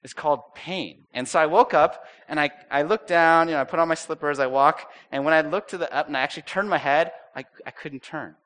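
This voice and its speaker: Animated bright-voiced male pastor preaching. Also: a little high, brisk, few pauses. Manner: animated storytelling with acted-out quotes. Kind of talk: sermon.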